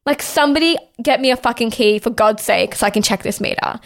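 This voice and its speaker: Talking fast in a voice on the high side, a young Australian podcast host goes on an exasperated, casual rant. She swears heavily and says "like" constantly.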